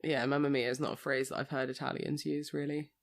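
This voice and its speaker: A woman's voice: rumbling low, flat delivery, fast talker, vocal fry. A woman who is a guest on a podcast, chatting casually with dry, wry humour. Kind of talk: casual chat.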